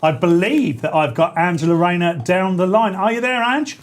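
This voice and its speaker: A man hosts a radio talk show in a playful, mock-earnest way, often breaking into laughter. His voice sits high for a man. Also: normal speed. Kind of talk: comic radio banter. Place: radio studio.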